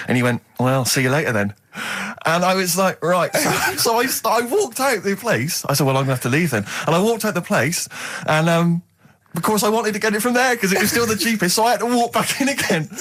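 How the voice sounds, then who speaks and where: A quick-talking man on a radio show who tells stories against himself and laughs at his own mishaps. His pitch sits in the middle of the male range, and he speaks close to a studio mic. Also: lively intonation, a bit bright. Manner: self-deprecating storytelling, laughing at himself. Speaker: radio co-host. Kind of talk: casual radio banter. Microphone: studio microphone.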